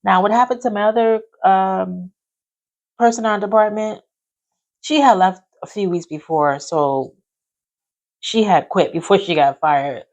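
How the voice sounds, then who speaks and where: A woman telling a personal work story in a casual, animated way, acting out what others said. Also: medium pitch, measured pace, pauses often, highs cut off. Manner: animated, acts out quotes of others. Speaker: podcast host telling her story.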